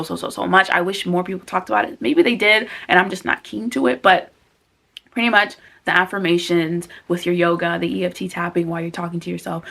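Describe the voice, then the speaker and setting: Young adult woman, self-help vlogger. Earnest, candid, animated delivery. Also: on the low side, creaky. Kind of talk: casual self-help talk to camera.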